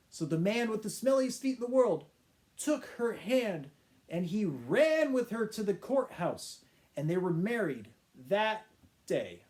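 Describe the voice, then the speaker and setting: Brief: man teacher reading a funny tale slowly, mellow and warm, with playful sound effects. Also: high voice, sing-song. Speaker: English teacher. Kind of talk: children's storytelling for English learners.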